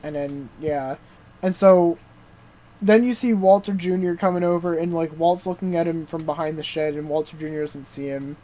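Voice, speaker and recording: A young adult man co-hosting a podcast, excitedly recapping a TV show in casual chat, full of swearing and "dude" and "like" fillers. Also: on the high side, moderate pace. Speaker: podcast co-host.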